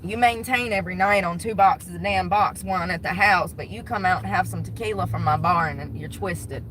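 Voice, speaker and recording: A woman's voice: lowish voice, brisk, background noise. A woman who works as a bartender, venting bluntly with lots of swearing in a casual vlog.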